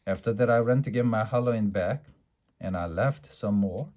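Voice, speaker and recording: A man reading a children's storybook aloud in a lively, playful way. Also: on the low side, moderate pace. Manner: lively, playful character voices in a child's first-person story. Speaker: storybook reader.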